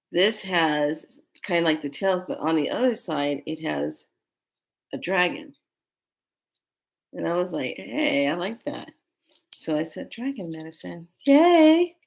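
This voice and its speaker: A woman who reads oracle cards, telling a rambling, excitable story in a casual vlog. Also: low-pitched, creaky. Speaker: oracle card reader.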